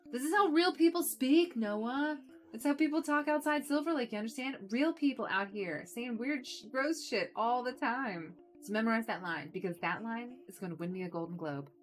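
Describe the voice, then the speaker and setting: A woman voicing a small, energetic, rude male film director in a video game, talking brash, loud and condescending. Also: fairly high pitch, normal speed, hardly any pauses, faint music behind, pitched above the performer's own voice, close to an everyday voice.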